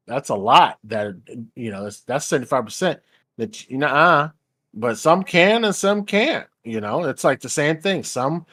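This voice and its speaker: A man's voice: medium pitch, fairly bright tone, no room sound, clean studio sound. A man hosting a stream, rambling in casual, crude chat and laughing easily. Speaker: stream host.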